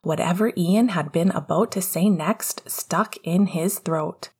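A woman narrating fan fiction in a steady, hushed way. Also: lowish voice, unhurried, slightly rough.

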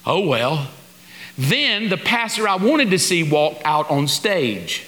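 Bright-voiced preacher in a hall. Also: male voice, fairly high pitch, slow. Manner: animated, acts out dialogue and prayers. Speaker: pastor. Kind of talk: sermon storytelling. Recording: long hall reverb.

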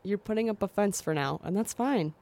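A woman's voice: mid-range voice, fairly quick, warm tone. A woman from the Midwest, co-hosting an advice podcast in a playful, upbeat chat. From American Midwest. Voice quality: nasal voice. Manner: playful, laughs often, upbeat. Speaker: podcast co-host giving advice. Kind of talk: casual chat.

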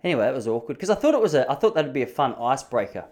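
A man, hosting a podcast and telling funny stories in a casual, self-mocking way. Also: very fast. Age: 30s. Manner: animated, self-mocking, pitch jumping up for emphasis. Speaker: podcast host. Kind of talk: casual comedic storytelling.

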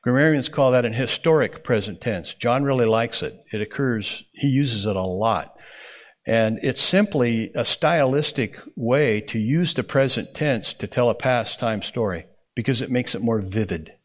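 Speaking at a normal speed, this ordinary-pitched man leads a Bible class in a classroom setting. He keeps things loose and conversational, frequently turning to students with an "okay?" or a "right?", and his voice stays in a plain middle range.

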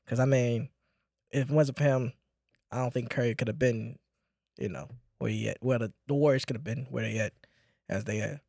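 A man's voice: mid-range voice, steady tone, moderate pace, vocal fry, a little mellow, no echo, studio quality. A man co-hosting a sports podcast, laid-back and playful in casual chat. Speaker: podcast co-host.

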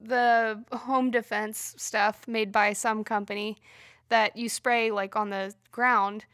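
Woman co-host, playful and teasing, high and bright, close dry mic. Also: level tone, slow pace, dry recording. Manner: playful, teasing, laughs often. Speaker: podcast co-host. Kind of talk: casual comedic chat.

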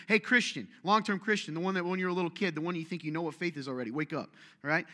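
A male pastor delivers a sermon with a bright, forceful voice that sits a little high for a man. He teases and jokes with the congregation, then builds to emphatic, pointed questions. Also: very fast, hardly any pauses. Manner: joking, teases the congregation, rising to emphatic calls. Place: church hall.

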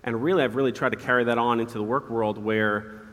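A man in his thirties, a guest telling earnest personal stories in an interview, quick and candid. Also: medium pitch, steady tone, fairly bright tone. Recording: hall reverb.

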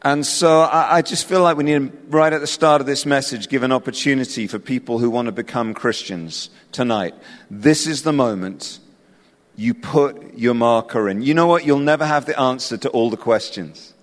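A man's voice: mid-range voice, normal speed. A man with an English accent preaching an evangelistic sermon, impassioned and personal, calling listeners to respond. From England. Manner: impassioned, building to invitation then softening. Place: large hall with live audience. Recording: reverberant hall with music.

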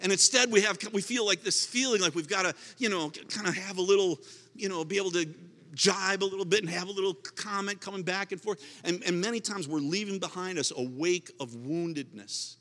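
A man's voice: high-pitched, a little fast, a bit bright, long reverb tail. A man preaching a sermon as pastor, emphatic and repetitive, often restarting his words.

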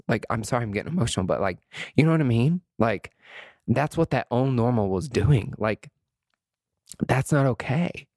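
A man's voice: mid-range voice, normal speed, no echo. Guy in his late 30s rambling on his podcast, emotional, lots of likes and you knows, dry close sound. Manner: expressive, emotional, chatty with many fillers. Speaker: podcast host. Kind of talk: reflective solo podcast monologue.

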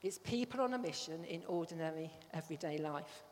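A woman's voice: low-pitched, animated, fairly quick, slight background noise. A woman giving a conversational sermon to a congregation, often checking that they follow. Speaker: church speaker. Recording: long hall reverb.

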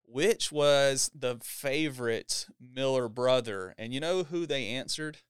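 A man's voice: mid-range voice, slow pace, clean tone, no echo, studio quality. A man hosting a church podcast, talking in an upbeat, casual interview style and laughing often.

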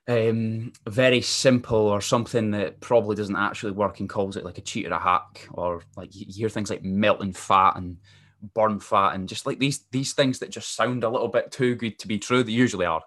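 A man's voice: lowish voice, fairly bright tone. A man hosting a solo podcast, talking casually with fillers and restarts. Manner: casual, rambling, frequent fillers and self-corrections. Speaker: podcast host.

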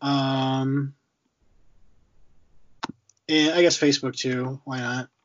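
A man's voice: mid-range voice, level tone, takes it slowly, a little hiss or hum. A man hosting a podcast in easygoing casual chat, laughing along and wrapping up, on muffled lo-fi audio. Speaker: podcast host.

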